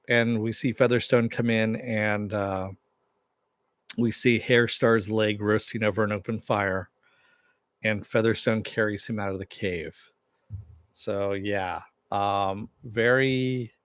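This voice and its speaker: A man's voice: fairly low pitch, no echo, studio quality. A man casually recapping and reviewing a TV episode, rambling with many fillers and restarts. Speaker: TV show reviewer.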